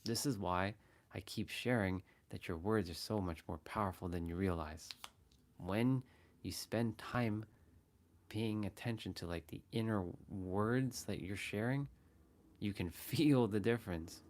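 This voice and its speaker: His voice is lowish and a bit mellow, and he keeps a measured pace as he hosts a laid-back motivational livestream. Earnestly, he repeats phrases to illustrate different ways of saying them.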